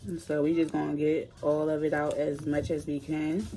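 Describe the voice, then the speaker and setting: A woman hosting a casual mukbang food challenge vlog, a little hoarse from a cold, chatting straight to her viewers. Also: deep voice, mellow. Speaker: mukbang vlogger.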